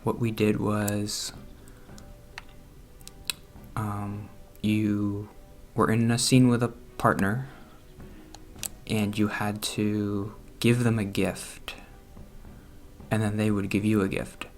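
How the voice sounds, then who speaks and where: A man's voice: lowish voice, flat delivery, slow pace, pauses often, soft background music. A young man chatting casually at home, rambling and self-conscious, often breaking into nervous laughs. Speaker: gaming vlogger. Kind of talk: casual chat over gameplay. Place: room at home.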